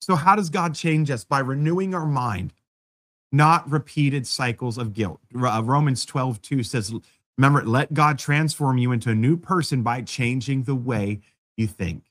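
A man's voice: medium pitch, moderate pace, a bit bright. A man preaching a sermon as pastor, in a conversational style with self-deprecating humor.

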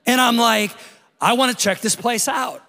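A middle-aged man, a pastor, giving a lively, conversational Easter sermon with jokes and stories. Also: extremely high pitch, normal speed. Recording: long hall reverb.

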